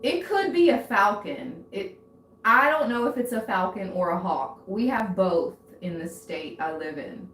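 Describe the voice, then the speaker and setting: A woman's voice: on the low side, lively intonation, measured pace, a bit bright, slight background noise. A woman giving a tarot reading in a casual, chatty way, easily distracted and often exclaiming aloud. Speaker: tarot reader. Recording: echoey room.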